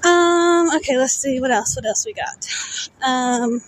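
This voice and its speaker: A woman in her thirties, a streamer, chatting casually while walking outdoors along a road, rambling and pausing often with fillers as she tries to recall things. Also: high voice, steady tone, a little hiss or hum, rough recording.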